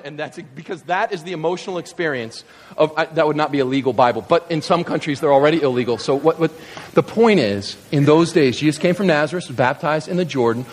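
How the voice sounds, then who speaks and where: A man preaching a sermon in a casual, dramatic way, mixing slang with scripture and swinging from hushed tones to shouts. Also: high-pitched, long reverb tail.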